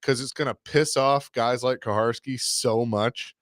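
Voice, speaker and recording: A man's voice: mid-range voice, fairly even intonation, a little slow, fairly bright tone, no room sound, clean studio sound. A man hosting a sports radio show, talking casually and opinionatedly, often restarting his sentences.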